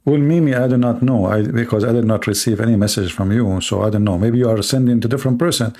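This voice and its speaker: Mocking and sarcastic, a man runs a live-streamed call-in debate, laughing at callers and stopping to restart his sentences. His voice is mid-range with a dark tone.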